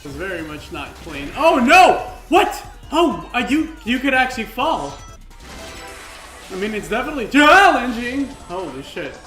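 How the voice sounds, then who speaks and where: A man streaming a video game, reacting with excitable yelps, laughter and frequent swearing. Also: extremely high pitch, measured pace, reverberant, faint music behind. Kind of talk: live gameplay commentary.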